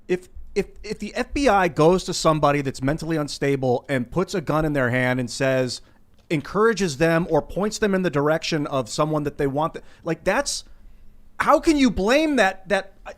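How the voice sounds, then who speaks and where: A man's voice: on the high side, lively intonation, moderate pace. A man co-hosting a casual political talk show, indignant and stammering through restarts. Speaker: co-host.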